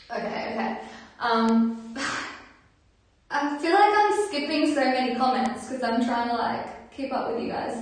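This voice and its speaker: A woman, a singer chatting casually on her livestream and reading out viewer comments in a friendly, filler-filled way. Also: on the high side. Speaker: singer hosting a livestream concert. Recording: very echoey room, far from mic, guitar.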